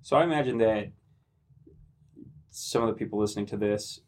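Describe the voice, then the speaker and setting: A man hosting a podcast, asking a guest slow, halting questions with fillers. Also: fairly low pitch, a little mellow. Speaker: podcast host. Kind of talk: interviewing a guest.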